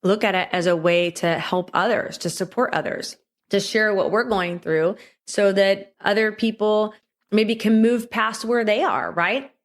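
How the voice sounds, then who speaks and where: A woman's voice: medium pitch, steady tone, unhurried. Woman host, solo podcast monologue, conversational and chatty, mid-range voice. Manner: chatty and conversational, asks "right?" often.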